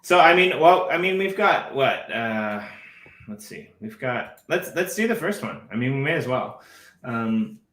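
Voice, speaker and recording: A man's voice: medium pitch, very animated, measured pace, a bit bright. A man co-hosting a casual live stream, rambling and restarting his words as he talks. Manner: rambling, repeats words, laughs often. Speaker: co-host. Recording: echoey room.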